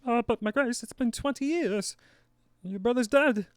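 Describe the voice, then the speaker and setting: A fussy court maester from a medieval fantasy world, put on by a man in a podcast bit. He rushes in flustered and overly proper, his voice pushed well above normal and loud with alarm. The recording is clean and dry. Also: very high voice, no echo, pitched above the performer's own voice. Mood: flustered announcing.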